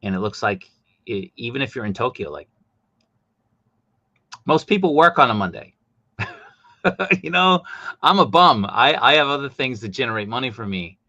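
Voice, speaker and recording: Male livestream host, bright forceful voice, animated, dry dull lo-fi sound. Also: normal speed, long pauses, no echo. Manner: animated, voice jumps high when exasperated. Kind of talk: casual livestream chat.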